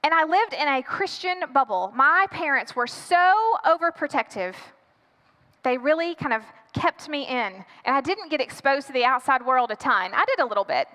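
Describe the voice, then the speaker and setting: An American woman pastor tells a personal story in a sermon, dramatically acting out her own panic from the pulpit. Her very high voice is bright and forceful at a moderate pace. A long reverb tail trails her words.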